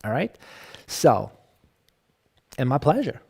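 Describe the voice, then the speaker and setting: A man giving an online English lecture over a video call, talking in a lively, conversational way with frequent fillers and restarts. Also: medium pitch, takes it slowly, creaky, slightly rough.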